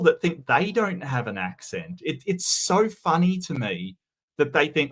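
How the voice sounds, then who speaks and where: A man's voice: fairly high pitch, big pitch swings, measured pace, fairly bright tone. Chatty man hosting a livestream. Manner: chatty, reads posts and chat aloud then riffs. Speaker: livestream host reading forum posts. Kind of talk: casual livestream commentary.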